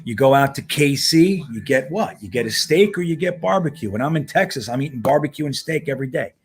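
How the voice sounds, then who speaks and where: A man's voice: medium pitch, animated, brisk, slightly rough, faint music behind. A man hosting a casual live stream, chatting loosely and reacting to plays as he talks with viewers. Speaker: livestream host. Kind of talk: casual live watch-along chat. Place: home in Miami.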